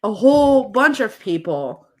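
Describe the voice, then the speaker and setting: A woman's voice: a little high, big pitch swings, unhurried, a little mellow. A woman co-hosting a podcast, speaking in an earnest, sympathetic way. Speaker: podcast co-host. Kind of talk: casual podcast chat.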